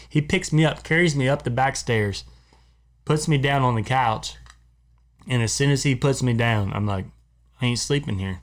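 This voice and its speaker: A man co-hosting a podcast from a studio, spinning a long story for his friends in a rambling way. He circles back and repeats himself and laughs along, and his voice sits at an ordinary middle pitch. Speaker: podcast co-host. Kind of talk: casual storytelling among friends.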